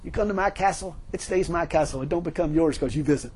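A man's voice: fairly high pitch, fast, noisy background. A middle-aged man preaching a sermon, telling folksy stories with emphatic lines and frequent laughter. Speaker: pastor.

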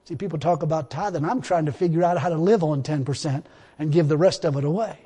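A man's voice: a little high, fast, dark tone, husky, big-room sound. A middle-aged man preaching a sermon in an emphatic, repetitive way, often breaking into laughter and exclamations of praise.

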